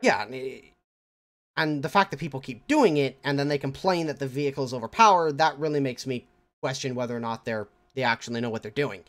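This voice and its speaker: A man's voice: medium pitch, fairly quick. A man sharing his views on a gaming podcast. He is opinionated but hesitant, with many ums and restarts. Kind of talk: casual gaming podcast chat.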